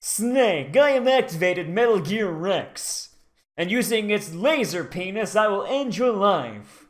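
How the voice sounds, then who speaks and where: A streamer doing gruff spy-game villain banter. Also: medium pitch, expressive, measured pace, close to an everyday voice. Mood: melodramatic.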